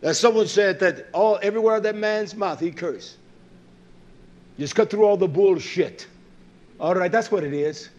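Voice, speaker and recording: High-voiced preacher guy, fiery sermon, scolding, wails then mutters, throws in hebrew words. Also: animated, measured pace, long pauses, dull audio. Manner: swings from loud wailing to low muttering, scolding and emphatic; uses Hebrew words within English.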